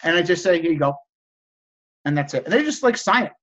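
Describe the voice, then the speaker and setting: A man's voice: high voice, sing-song, very fast, a bit bright, lo-fi sound, a little hiss or hum. A man hosting a live stream, coaching viewers on negotiation and reading out chat messages in an enthusiastic salesman-like way. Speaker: host of a live stream teaching resale negotiation.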